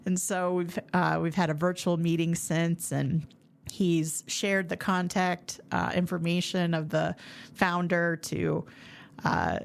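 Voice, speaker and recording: A woman's voice: fairly low pitch, takes it slowly, gravelly. Chatty woman sharing a faith story. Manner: chatty and animated, many fillers and restarts. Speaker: podcast host. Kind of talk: casual faith testimony storytelling.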